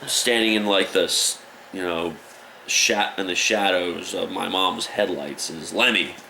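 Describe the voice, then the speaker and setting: A man's voice: deep voice, unhurried, gravelly, a little hiss or hum, low-quality recording. A man casually telling a story from his youth, acting out the voices of the people he quotes. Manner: animated, acts out quoted voices. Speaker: musician guest.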